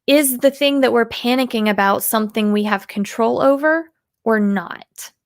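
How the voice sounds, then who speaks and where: American woman coaching on a podcast, kinda high voice, super dry close mic, animated. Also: moderate pace, no room sound. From United States. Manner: animated, acts out example voices. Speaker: guest, communication coach. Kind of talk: podcast interview answers.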